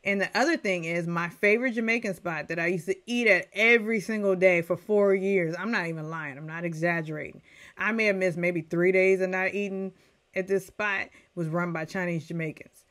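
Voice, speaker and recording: A middle-aged woman reviewing a TV episode in a casual rant, chatty and animated as she talks straight to her viewers. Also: lowish voice, a little fast. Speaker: TV recap reviewer.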